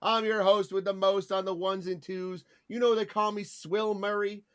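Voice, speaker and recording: High-voiced hyped-up male podcast host. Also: level tone, moderate pace, clean tone. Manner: boisterous hype-man intros, heavy swearing. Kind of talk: casual podcast chat.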